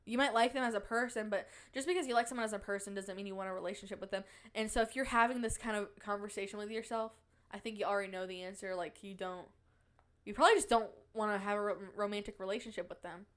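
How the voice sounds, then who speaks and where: A woman's voice: mid-range voice, fairly even intonation, quick pace. A young woman hosting a podcast in casual chat, playful and giggly, bragging in a mock-dramatic way. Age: young adult. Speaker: podcast host.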